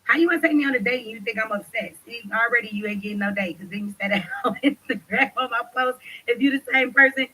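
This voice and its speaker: A woman hosting a livestream, talking loudly and passionately with lots of swearing as she rants and reads chat. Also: a little high, fast talker, a little hiss or hum, rough recording. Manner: loud, passionate, profane ranting. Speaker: livestream host. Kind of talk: livestream commentary.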